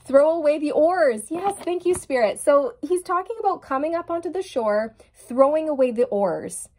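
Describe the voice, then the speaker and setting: A woman giving a casual tarot reading, speaking straight to her viewers in a gushing, excitable way. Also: sits high, measured pace. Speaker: tarot reader.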